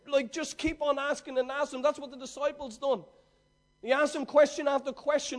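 A man preaching a sermon, swinging between loud, excited storytelling and hushed, earnest talk, with a conversational, slangy manner. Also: very high-pitched, moderate pace.

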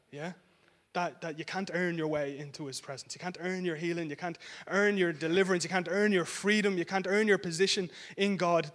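A man preaching a sermon in a conversational way, often checking in with "yeah?" and restarting his sentences. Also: high voice. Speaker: pastor.

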